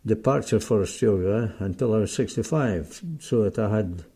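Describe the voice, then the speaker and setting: A man's voice: on the low side, moderate pace, warm tone, slightly rough. An older man with a Scottish accent, a guest in an interview, speaking plainly and bluntly. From Scotland. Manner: blunt, plain-spoken, unsmiling. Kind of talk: casual interview.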